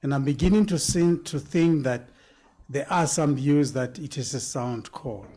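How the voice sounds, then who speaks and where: A man answering a question on a panel, deliberate and emphatic, sometimes repeating words. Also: medium pitch, warm tone. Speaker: panel speaker at a public event.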